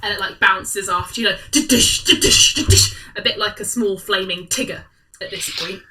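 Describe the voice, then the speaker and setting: Woman DM, playful and giggly, bright voice, does sound effects; slightly distant mic. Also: mid-range voice, steady tone, fairly quick, faint music behind. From United Kingdom. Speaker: dungeon master. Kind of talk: narrating a tabletop game.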